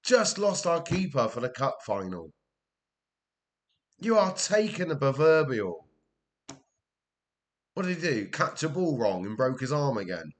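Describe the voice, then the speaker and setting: A man's voice: medium pitch, sing-song, unhurried, pauses often. Welsh man, gameplay commentator, exasperated, swears, talks to himself. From Wales.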